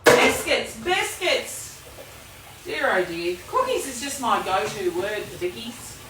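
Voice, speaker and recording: A woman's voice: medium pitch, lively intonation, normal speed, roomy sound, very noisy. A woman with an Australian accent chatting to viewers as she cooks live in her home kitchen. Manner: chatty, talks to viewers while working. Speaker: cooking demonstrator and team leader. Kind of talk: live cooking stream chat.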